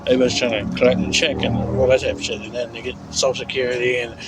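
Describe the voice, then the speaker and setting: A man's voice: medium pitch, little pitch movement, racing. A man in a rambling, repetitive, profane casual rant, recorded outdoors. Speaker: vlogger. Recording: outdoor street noise.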